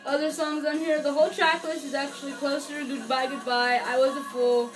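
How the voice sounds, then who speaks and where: A woman's voice: sits high, flat delivery, brisk. A young woman reviewing an album in a chatty, gushing vlog, with lots of fillers. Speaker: music vlogger reviewing an album. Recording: music playing under the voice. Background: song playing in background.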